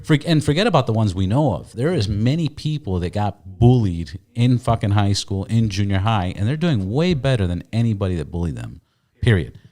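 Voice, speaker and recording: A man's voice: fairly low pitch, big pitch swings, fairly quick, mellow. A man hosting a podcast in casual chat, emphatic and profane, often repeating his words. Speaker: podcast host.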